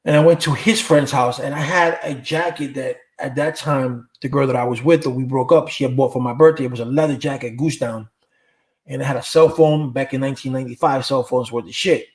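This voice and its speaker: A middle-aged man hosts a livestream, answering viewer comments and spinning rambling, casual stories loaded with street slang and cursing. He speaks fairly quickly in a mid-range voice that's a little mellow, with fairly even intonation.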